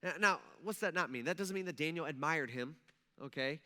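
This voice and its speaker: A male pastor preaching a conversational sermon in a church, animated and checking in with the congregation with "okay?" and "right?". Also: on the high side, a little fast. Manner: animated, acts out quoted voices, frequent "okay?" and "right?". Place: church sanctuary.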